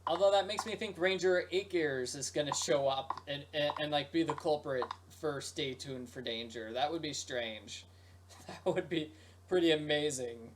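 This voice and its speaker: A video game streamer offers playful let's play commentary in a slightly high voice at a moderate pace, joking around and bursting into silly sung rhymes. Game music plays behind him, and there's background noise.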